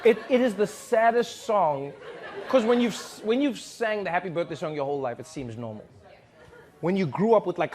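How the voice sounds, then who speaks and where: A man's voice: sits high, slight background noise. A man from Africa, telling comic stories animatedly and acting out voices and songs. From South Africa. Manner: animated, acts out voices and sings snatches of songs. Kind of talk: comedic storytelling.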